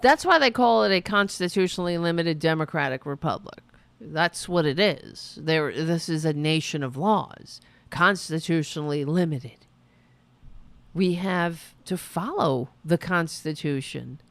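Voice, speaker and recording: Woman host, mocking political commentary, bouncy pitch, drawn-out delivery. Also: animated, no echo. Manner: mocking, sarcastic asides. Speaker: podcast host.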